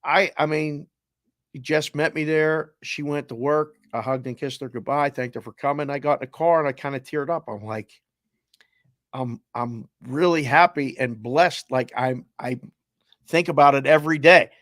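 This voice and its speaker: A man's voice: a little high, moderate pace, fairly bright tone, no room sound, studio quality. A man co-hosting a casual podcast, talking reflectively and emotionally, often trailing off. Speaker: co-host.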